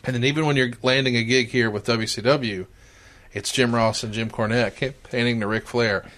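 A man's voice: mid-range voice, steady tone, normal speed, a bit bright. A man hosting a podcast who reads a passage aloud and then reacts with big laughs and enthusiasm. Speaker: podcast host. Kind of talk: reading aloud and casual chat.

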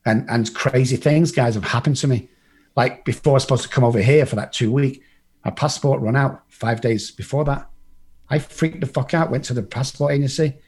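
A man's voice: medium pitch, fairly quick, a little mellow, breathy edge. An English man telling his life story in a blunt, casual way, swearing freely and acting out what other people said. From England.

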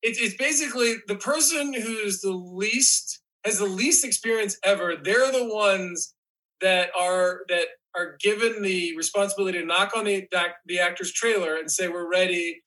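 Guy with a high bright voice, rambly podcast guest, lots of "like". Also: normal speed, low-quality recording. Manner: rambling, restarts often, says "like" a lot. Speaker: guest actor. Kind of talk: casual chat.

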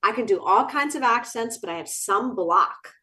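A woman guest on a talk show, answering with enthusiasm and expressive delivery. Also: a little high, normal speed. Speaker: guest author. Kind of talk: interview answers.

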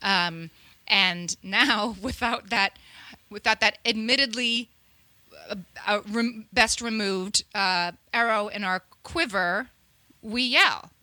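A woman's voice: medium pitch, takes it slowly, bright, forceful tone, dry recording. A woman co-hosting a casual chat about parenting, explaining her points earnestly and often restarting her sentences. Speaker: podcast co-host.

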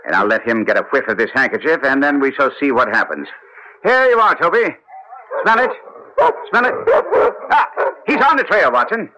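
An actor playing Sherlock Holmes, a brisk, commanding, clever detective with a crisp lecturing manner, in 1940s radio acting style. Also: male voice, medium pitch, sing-song, sharp tone, slight background noise, low-quality recording. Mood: eager.

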